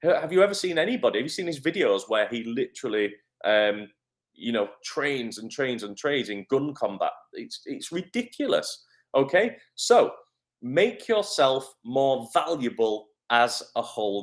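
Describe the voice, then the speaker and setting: Live on air, a middle-aged acting coach with a Northern English accent offers lively encouragement and responds to what viewers comment. His voice is mid-range.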